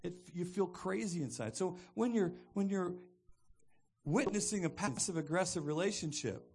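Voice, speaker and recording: A male pastor delivers a sermon with a lively, swinging delivery. His pitch climbs and falls expressively. He often restarts phrases and repeats words mid-thought. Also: moderate pace.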